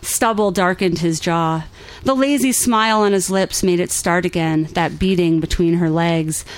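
A woman reading her own romance fiction aloud at a live reading, measured and steady. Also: lowish voice, rough recording. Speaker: author reading her work.

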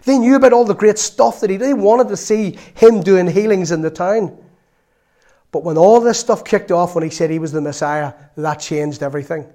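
A middle-aged man with a Northern Irish accent preaching a sermon, telling a lively story from his own family and acting out the voices in it. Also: high voice, normal speed. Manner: lively storytelling, acts out voices, laughs often.

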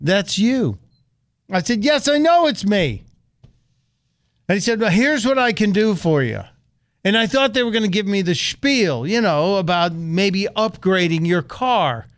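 A man's voice: high-pitched, normal speed, no room sound. A middle-aged American man hosting a radio talk show, telling a story and acting out the voices he quotes. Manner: animated, acts out quoted voices. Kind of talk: storytelling monologue.

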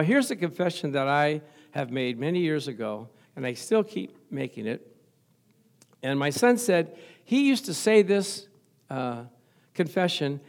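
Playful joking male pastor. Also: a little high. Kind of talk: sermon. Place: church with a live congregation.

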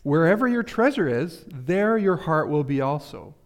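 A man's voice: fairly high pitch, very animated, normal speed. A man preaching a sermon, earnest and questioning, speaking straight to his listeners. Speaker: pastor.

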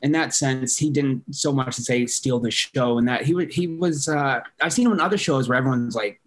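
A man's voice: medium pitch, fairly quick. A man guesting on a fan podcast, talking loosely with lots of fillers and casual swearing. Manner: filler-heavy, swears casually, laughs often.

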